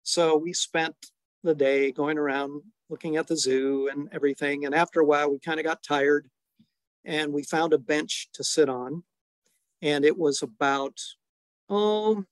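A middle-aged man telling a family story in an unhurried, chuckling way, full of small details. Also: fairly high pitch, no room sound. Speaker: storytelling guest, father. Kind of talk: relaxed anecdotal storytelling.

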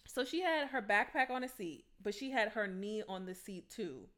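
Bright-voiced blunt young New woman. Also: mid-range voice, lively intonation, moderate pace. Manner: blunt, profane, sassy. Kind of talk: casual storytelling chat.

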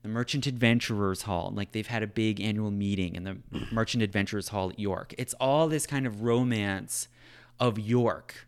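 A man's voice: on the low side, normal speed, clean tone. A man talking through history in a loose, conversational way, full of "like" and "right?". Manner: loose, filler-heavy talk, frequent "right?" and "like". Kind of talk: conversational discussion.

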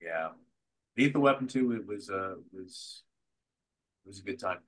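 Actor guest, male, bright forceful voice, animated storyteller. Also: sits low, measured pace. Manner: animated, restarts sentences often. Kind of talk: casual interview storytelling.

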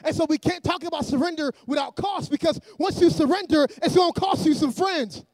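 A man preaching a sermon in a church, energetic and often shouting, with joking asides to the congregation. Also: very high-pitched, brisk, no room sound.

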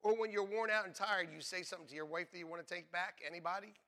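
A man preaching a sermon in a conversational, joking way, dropping to near whispers and building up to shouts. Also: high-pitched, steady tone, quick pace. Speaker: pastor.

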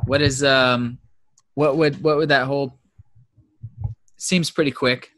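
A man hosting an interview, giving short acknowledgments and asking halting, restarted questions. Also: medium pitch, fairly even intonation, a bit bright. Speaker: interviewer, podcast host. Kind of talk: casual interview.

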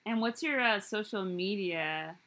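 Bright-voiced, rambling podcast host woman. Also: mid-range voice, unhurried. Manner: rambling, giggly, many fillers. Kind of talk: casual podcast chat.

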